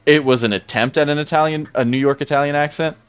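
A man's voice: fairly high pitch, fairly even intonation, quick pace, smooth, no room sound, muffled recording. A man co-hosting a podcast, talking casually and rambling with frequent restarts and fillers. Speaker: podcast co-host. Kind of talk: casual chat.

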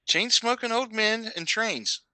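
A man's voice: sits high, a little slow, pushed and bright, no room sound, poor audio. A man co-hosting a podcast, chiming in with dry, sarcastic remarks in casual comedic chat. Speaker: podcast co-host.

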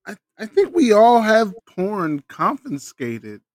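A man's voice: sits high, wildly swooping pitch, slow pace, no room sound. Laid-back man rambling in chat. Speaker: podcast co-host. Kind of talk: casual chat.

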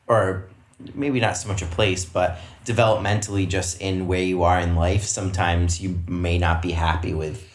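A man co-hosting a podcast in casual chat, blunt and quick to agree, swearing freely. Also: low voice, steady tone, slight background noise. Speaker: podcast co-host. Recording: roomy echo.

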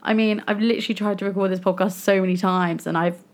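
A woman's voice: mid-range voice, fairly even intonation, fast talker. A young woman hosting a solo podcast, venting frankly and with frustration about her own choices. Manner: frustrated, venting, self-critical. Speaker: podcast host. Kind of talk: candid solo podcast monologue.

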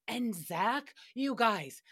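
A woman's voice: on the high side, animated, very slow, fairly bright tone, breathy edge. A woman hosting a solo recap podcast, chatty and profane, laughing often and telling stories dramatically. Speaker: podcast host.

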